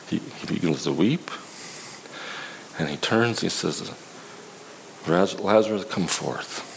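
Halting, low-voiced male preacher. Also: expressive, gravelly, slight background noise, low-quality recording. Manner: conversational, halting with restarts. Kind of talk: sermon.

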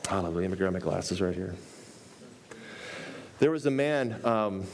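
A man preaching a sermon, animated, repeating phrases for emphasis and acting out little dialogues. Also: normal speed, vocal fry. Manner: animated, acts out dialogue with pitch jumps.

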